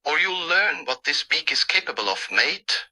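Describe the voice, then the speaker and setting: A man's voice: mid-range voice, huge pitch swings, moderate pace, sharp tone, full character voice, rough recording. A man voicing a cheerful, bossy male cardinal bird who brags about keeping watch. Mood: angry. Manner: boastful, tough-talking.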